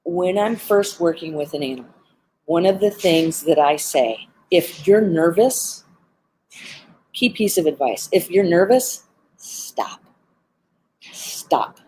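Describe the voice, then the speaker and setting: A woman's voice: lowish voice, animated, measured pace, darkish tone, husky, poor audio. A woman animal behavior trainer giving earnest, heartfelt advice in a live-streamed talk, with frequent "um" fillers. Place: animal center, sitting among birds.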